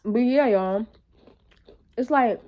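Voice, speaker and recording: A woman's voice: a little high, takes it slowly, warm tone. A young woman vlogging to camera in a casual monologue, blunt and full of swearing, calling her viewers y'all.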